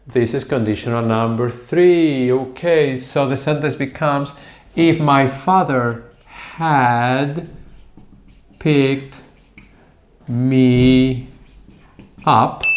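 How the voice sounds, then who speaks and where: A man teaching English grammar at a whiteboard, explaining patiently step by step and drawing out words as he writes. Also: mid-range voice. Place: classroom with a whiteboard. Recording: echoey room.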